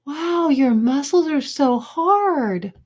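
A woman's voice: high voice, lively intonation, slow pace, a little mellow, pitched above the performer's own voice. A woman reading aloud voices an adoring fourth-grade girl who coos and fusses. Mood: gushing. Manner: breathy cooing.

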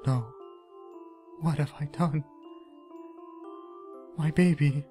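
A grief-stricken young mother, put on by a male narrator, recounts a nightmare in a shaken, breathless voice. The tone sits somewhat high, and music plays clearly behind the scripted horror story. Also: fairly even intonation, drawn-out words, warm tone. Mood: grieving. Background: background music.

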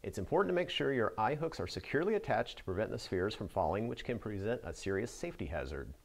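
A man's voice: lowish voice, big pitch swings, fast, creaky. A man narrating a scripted how-to as a Christmas lighting expert answering a viewer question, with an upbeat instructional delivery.

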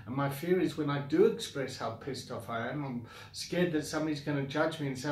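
A man's voice: a little high, fairly quick, few pauses, reverberant, recorded from a distance, a little hiss or hum. A man with a South African accent who founded a coaching academy, bluntly venting his frustration straight to the camera with sighs and repeated complaints. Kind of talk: direct-to-camera rant.

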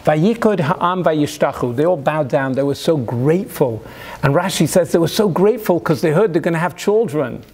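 Male rabbi, high voice, dramatic preacher who acts out inner voices. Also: animated, normal speed, slightly rough. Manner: dramatic, swings between hushed and loud, acts out inner voices. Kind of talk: sermon.

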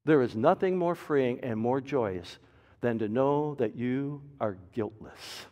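A man preaching a sermon as pastor, with a dynamic delivery that swings from loud emphasis to soft, low asides. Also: lively intonation, slow. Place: church sanctuary. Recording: reverberant church hall.

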